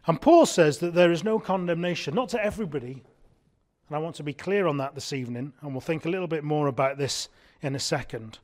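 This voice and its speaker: A man preaching an evening sermon, earnest and emphatic, repeating key words and slowing down to stress them. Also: on the high side, a little mellow.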